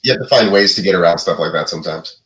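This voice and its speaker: A man's voice: deep voice, fast, a bit bright, roomy sound, rough recording. A man co-hosting a podcast in casual chat, laid-back, swearing freely and laughing often. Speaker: podcast co-host.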